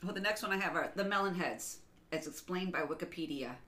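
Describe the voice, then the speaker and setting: A bright-voiced woman hosting a casual chat podcast. She rambles through her stories and laughs easily, with a loose, unscripted flow. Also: fairly low pitch. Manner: giggly, rambling, quick to laugh. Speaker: podcast co-host.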